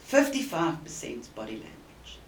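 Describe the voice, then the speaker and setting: A woman with a South African accent giving an earnest, emphatic coaching talk to the camera, with deliberate pauses. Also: low voice, sing-song. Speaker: communication coach. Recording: roomy and distant with faint hiss.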